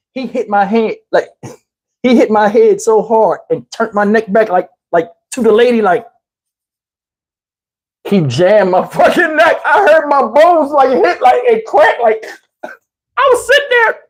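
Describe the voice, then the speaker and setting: A man casually telling a personal story, animated and slangy, often breaking into laughter, on a lapel mic. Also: extremely high pitch, unhurried. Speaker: channel host telling a story. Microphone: wireless lapel mic.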